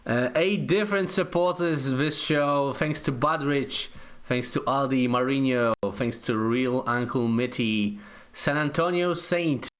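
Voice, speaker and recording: A man's voice: mid-range voice, a little slow. A man producing a podcast in casual chat, reading out supporter thanks. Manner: reads supporter shout-outs. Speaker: show producer.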